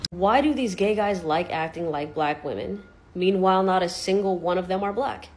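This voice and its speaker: A woman's voice: on the low side, moderate pace, darkish tone, slight background noise. A woman ranting in a social media video, exasperated and profane.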